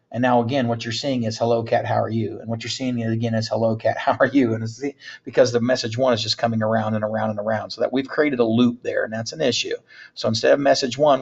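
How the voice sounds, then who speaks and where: A man teaching a screen-recorded coding tutorial, talking through each step in a relaxed way with fillers. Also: medium pitch. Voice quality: gravelly, husky. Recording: dull lo-fi mic.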